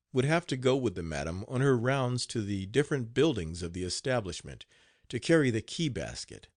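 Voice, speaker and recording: Animated low-voiced male audiobook narrator. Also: no echo, clean studio sound. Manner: expressive, animated reading.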